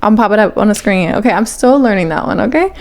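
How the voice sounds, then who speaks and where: A woman's voice: medium pitch, lively intonation, quick pace, darkish tone. A young woman vlogger in casual chat, rambling and chatty, filling her talk with "like" and swearing casually.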